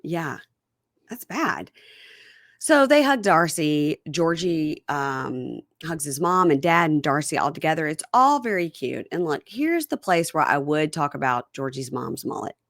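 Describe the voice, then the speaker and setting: Lively woman recapping a reality show. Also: deep voice, unhurried, no echo, clean studio sound. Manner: animated, acts out quotes in funny voices. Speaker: podcast host.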